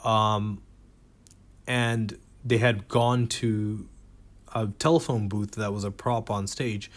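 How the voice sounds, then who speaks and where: Low-voiced man doing rambling stand-up. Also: steady tone, slow. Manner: rambling, self-deprecating, with restarts; reads jokes from a notebook. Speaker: stand-up comedian. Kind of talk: stand-up comedy set.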